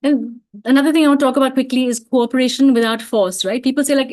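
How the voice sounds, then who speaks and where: A middle-aged woman giving an online parenting talk, telling stories in a calm, reflective way with many fillers. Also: high voice, fast talker. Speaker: parenting speaker.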